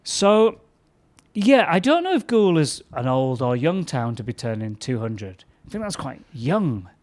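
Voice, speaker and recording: A man's voice: medium pitch, measured pace. Chatty young man. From England. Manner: laughing, animated when telling stories. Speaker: comedian guest. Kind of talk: casual chat.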